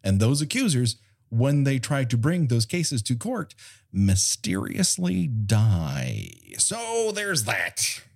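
A man's voice: medium pitch, wildly swooping pitch, takes it slowly, creaky, darkish tone. A man co-hosting a casual film podcast, talking in a profane, sarcastic way. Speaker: podcast co-host.

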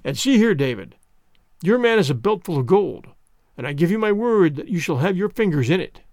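A scheming sea captain, put on by a male storyteller, wheedles and plots in low, sly tones. His delivery swings with lively pitch. The recording is dry and close. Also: a little fast, no room sound. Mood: coaxing. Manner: coaxing and sly. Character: scheming wheedling ship captain, middle-aged man.

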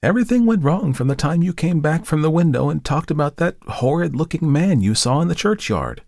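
A man reading a story aloud and voicing a lively, teasing young woman who models for an artist. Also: a little high, a little fast, vocal fry, no room sound, clean studio sound, pitched above the performer's own voice, exaggerated voice. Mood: wondering. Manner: bright, pert, scolding. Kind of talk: audiobook character voice.

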